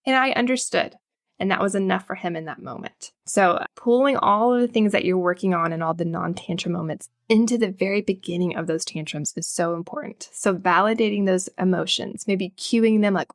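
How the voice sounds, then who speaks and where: A woman, a child psychologist speaking as a podcast guest, calm and reassuring as she explains. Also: mid-range voice, fairly quick, dry recording, clean studio sound. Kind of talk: podcast interview.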